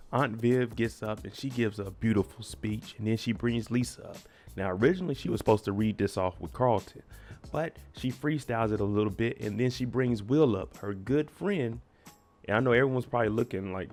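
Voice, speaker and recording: A man's voice: on the low side, normal speed, darkish tone, soft background music. A man giving a chatty, slangy, opinionated recap of a TV episode. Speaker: TV recap vlogger. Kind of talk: casual recap commentary.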